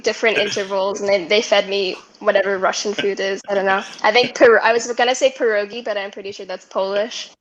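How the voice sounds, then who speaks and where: A woman's voice: medium pitch, little pitch movement, fairly quick, few pauses, dull audio. A woman with a British accent telling a story with a comedy panel, giggly and full of "like" fillers. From Florida, USA.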